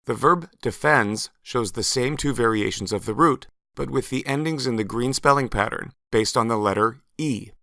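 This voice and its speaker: A man narrating a scripted language lesson, slow and careful, stressing syllables clearly as he models words. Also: mid-range voice, sharp tone, no room sound, clean studio sound. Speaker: Spanish teacher.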